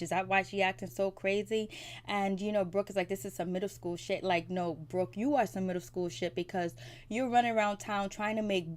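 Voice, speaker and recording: A woman's voice: medium pitch, a little mellow. A woman hosting a casual TV recap vlog, chatty and opinionated, with many "like" and "you know" fillers. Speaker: TV recap vlogger.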